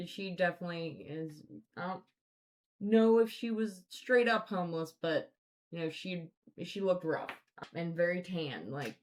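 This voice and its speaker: A woman hosting a podcast, telling stories in a casual, rambling way full of swearing and fillers. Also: lowish voice. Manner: rambling, profane, filler-heavy. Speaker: podcast host. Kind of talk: casual storytelling chat.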